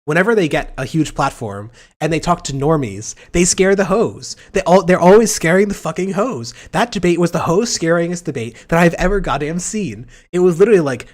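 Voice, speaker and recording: A man's voice: a little high, lively intonation, brisk, darkish tone. Joking man hosting a casual livestream. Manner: rambling, sarcastic, joking, profane. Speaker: livestream host.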